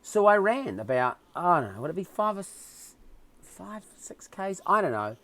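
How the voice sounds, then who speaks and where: A high-pitched man with a New Zealand accent tells stories as a podcast guest at normal speed. The interview is casual, and his delivery is animated and emotional.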